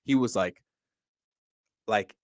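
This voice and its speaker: A man's voice: lowish voice, takes it slowly, no room sound. A young man, a podcast guest, telling a long personal story in casual conversation, with many restarts.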